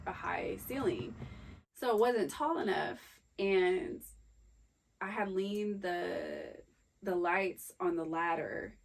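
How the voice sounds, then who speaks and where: Woman podcast co-host, low and gravelly, telling a personal story in a candid, emotional, halting way. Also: slight background noise, poor audio. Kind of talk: personal storytelling in casual chat.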